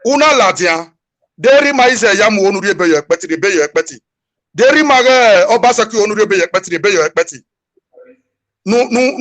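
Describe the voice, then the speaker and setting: Earnest Nigerian man, fairly high voice. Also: a bit bright. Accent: Nigerian English. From Edo State, Nigeria. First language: Edo. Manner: earnest, pleading, repeats himself for emphasis. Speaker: guest, diaspora community leader. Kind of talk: earnest appeal to his community.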